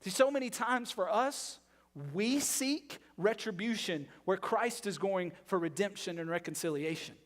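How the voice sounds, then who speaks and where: A male pastor giving a sermon, emphatic and full of rhetorical questions, moving between loud and hushed delivery. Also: sits high, measured pace. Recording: long reverb of a large hall.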